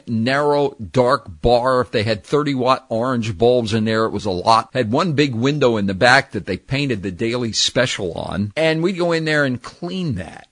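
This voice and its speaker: Older man telling lively stories. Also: medium pitch, dry recording, studio quality. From New Jersey. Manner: lively, acts out the people in his stories. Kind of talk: storytelling.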